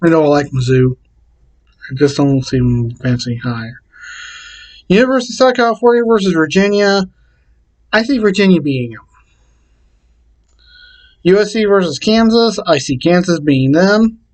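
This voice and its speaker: A man casually talking to camera and reading out his picks in a plain, repetitive way with halting restarts. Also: high voice, lively intonation, poor audio. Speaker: vlogger.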